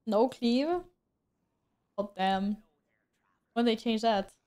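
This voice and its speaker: A woman's voice: fairly high pitch, drawn-out words, dark tone. A woman streaming a game, chatting casually with viewers, joking at her own expense and laughing often. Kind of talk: casual gameplay stream chat.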